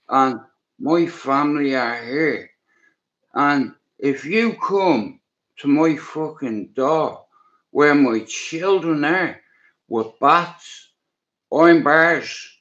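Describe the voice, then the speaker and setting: A man's voice: a little high, a bit bright. A man with a Dublin accent, telling stories as a guest in a rambling, blunt way and swearing freely. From Dublin, Ireland. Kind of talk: casual storytelling. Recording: dull lo-fi sound.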